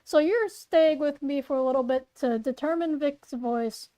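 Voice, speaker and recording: A woman's voice: high voice, moderate pace, dark tone. A woman casually reading a story aloud with playful, self-conscious asides and frequent stumbles. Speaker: story reader and voice actor.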